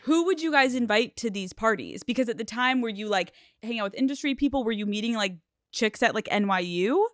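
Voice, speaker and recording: A woman hosting a podcast interview, playful and quick to laugh, asking teasing questions. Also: fairly high pitch, animated, no echo, studio quality. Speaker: podcast host. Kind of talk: casual interview.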